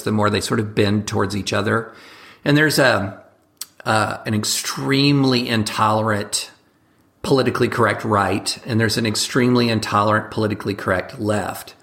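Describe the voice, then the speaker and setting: A man speaking as a guest commentator in a casual interview, talking quickly and animatedly, slipping into mock voices for examples. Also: on the low side, a bit bright.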